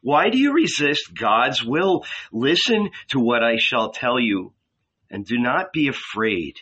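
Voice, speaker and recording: A man voicing a calm, compassionate male prophet in measured speech. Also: medium pitch, slightly rough, highs cut off, full character voice.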